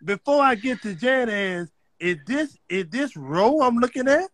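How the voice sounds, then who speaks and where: A man's voice: extremely high pitch, animated, measured pace, a bit bright, no room sound, full character voice. A man doing a sly older uncle type. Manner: sly, playful, sing-song teasing.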